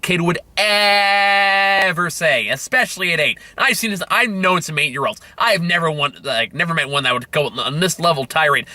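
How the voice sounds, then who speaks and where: A man's voice: sits high, sharp tone, dry recording. A young man reviewing a movie from inside his car, rambling and exasperated, swearing often and restarting his sentences.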